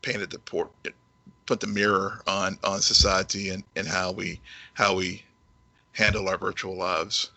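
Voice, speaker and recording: A man co-hosting a podcast, talking casually with halting repeats while summing up a show. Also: sits low, level tone, sharp tone, dry recording, low-quality recording. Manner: halting, repeats words, summarizes plots. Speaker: podcast producer and co-host. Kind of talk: casual review chat.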